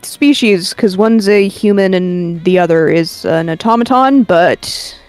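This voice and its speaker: Slow-talking woman streamer, dry close sound. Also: fairly low pitch, smooth, no echo, faint music behind. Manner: slow, relaxed, rambling with ums and swearing. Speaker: streamer, artist. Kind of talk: casual chat while drawing.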